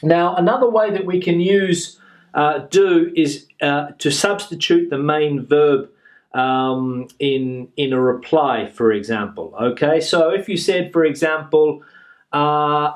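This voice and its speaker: A man teaching a grammar lesson, explaining slowly and patiently and repeating each example sentence. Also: fairly high pitch. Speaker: English teacher.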